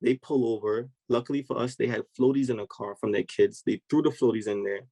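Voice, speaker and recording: Man, podcast guest, animated storyteller, acts out other voices, middle pitch, dry close sound. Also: a little fast, no room sound, rough recording. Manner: vivid, acts out voices of people in his story.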